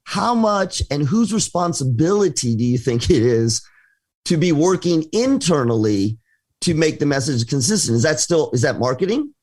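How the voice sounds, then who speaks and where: This time the co-host's voice is a little high and slightly mellow, swinging widely in pitch at a moderate pace. His conversational business talk is full of hesitations, fillers and false starts.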